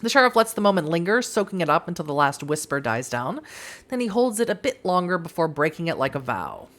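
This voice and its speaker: A woman's voice: on the low side, brisk. A woman hosting a let's play, reading the game's story aloud expressively with casual, swearing commentary. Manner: expressive, swears freely, laughs at the game.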